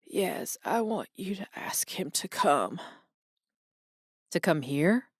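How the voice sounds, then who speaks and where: A woman's voice: on the low side, big pitch swings, breathy edge, no echo, studio quality, heavily acted. A woman voicing a weak dying old father. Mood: pleading. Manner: halting, broken phrases. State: out of breath.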